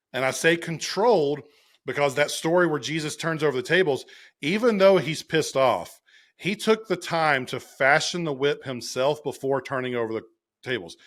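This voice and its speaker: Guy on a podcast telling bible stories, a bit high-pitched, acts out the quotes, chuckles a lot. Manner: animated storyteller, acts out quotes, laughs often. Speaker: podcast co-host. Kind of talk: casual podcast chat retelling scripture.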